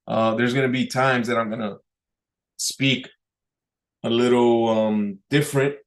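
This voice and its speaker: A man of middle pitch hosts a casual talking-head vlog. He rambles and halts with many fillers and restarts, often clears his throat, and now and then leans hard on single words. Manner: pushes emphasis into words on purpose as speaking practice. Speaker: vlog host.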